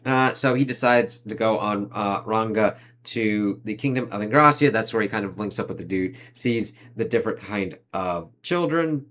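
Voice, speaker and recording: A man giving a casual, loose review of an anime season, swearing freely and leaning on fillers like "like" and "uh", with quick impressions of the characters he talks about. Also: lowish voice, fairly bright tone, slight background noise. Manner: rambling, profane, heavy on fillers like "like" and "uh".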